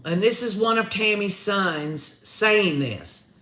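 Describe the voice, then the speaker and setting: A man's voice: high-pitched, lively intonation, takes it slowly, bright, forceful tone. A man hosting a true crime live stream, reading viewer comments aloud in a folksy, chatty way. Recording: roomy echo.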